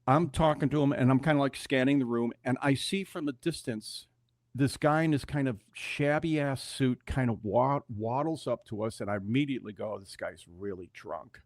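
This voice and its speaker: Older man, musician guest, animated storyteller, acts out the voices, middle pitch, dry studio sound. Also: dry recording. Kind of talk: storytelling in a radio interview.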